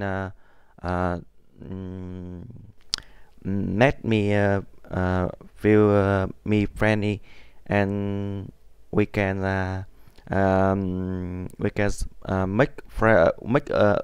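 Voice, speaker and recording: A man's voice: low-pitched, clear, resonant tone, dry recording. A Vietnamese man speaking English with a Vietnamese accent, hesitant and full of fillers as he practices. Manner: hesitant, many fillers and restarts. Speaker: student.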